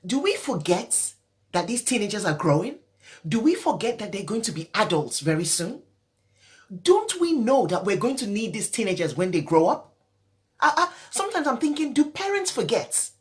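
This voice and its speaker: A woman's voice: mid-range voice, big pitch swings, moderate pace. A woman parenting coach, upset and teary, speaking emphatically in a live stream and repeating her key points. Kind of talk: emotional live-stream talk.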